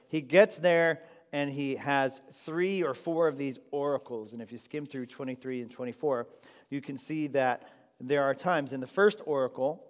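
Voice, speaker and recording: A pastor preaching a sermon, retelling a scripture story in a playful, animated way and voicing the characters. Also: male voice, on the high side, in a large hall.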